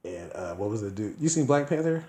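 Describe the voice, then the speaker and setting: A man's voice: lowish voice, sing-song, brisk, mellow, roomy sound. A man co-hosting a podcast, telling stories in casual chat, acting out quoted people in voices and laughing often. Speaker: podcast co-host.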